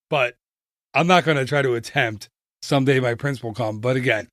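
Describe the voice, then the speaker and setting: A man hosting a podcast, chatting in an enthusiastic, casual way with quick asides. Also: mid-range voice, fairly bright tone, dry recording. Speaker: podcast host. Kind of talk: casual solo podcast chat.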